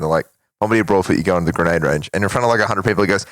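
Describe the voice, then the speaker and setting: A man's voice: sits low, rapid-fire, no room sound, low-quality recording. A man chatting casually on a podcast, swapping banter and telling an anecdote in a laid-back way. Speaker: podcast co-host. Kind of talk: casual chat.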